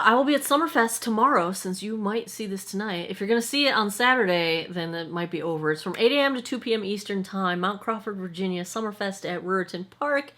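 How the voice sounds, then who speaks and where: Her mid-range voice sounds pushed and bright. She's a woman in her forties who vlogs about skincare and makes products, giving a rambling, chatty review indoors at home while filming in front of a monitor and often correcting herself mid-sentence.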